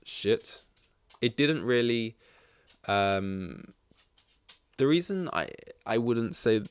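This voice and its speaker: A man's voice: medium pitch, lively intonation, extremely slow, smooth, no echo. A man hosting a podcast in casual chat, rambling with lots of fillers and swearing. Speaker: podcast host.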